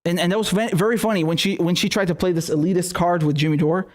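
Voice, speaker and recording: Man ranting profanely, slightly high voice. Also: fairly even intonation, fast talker. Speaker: host of a political commentary show. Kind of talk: live-streamed political commentary.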